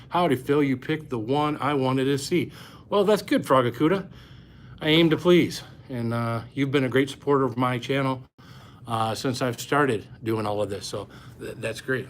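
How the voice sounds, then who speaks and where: A man's voice: mid-range voice, a little hiss or hum. A man hosting a live stream about eating hot peppers, chatting casually and greeting viewers by name, a little out of breath, talking into a phone camera indoors. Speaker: pepper-eating channel host. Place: indoors, upstairs room. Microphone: phone camera at close range.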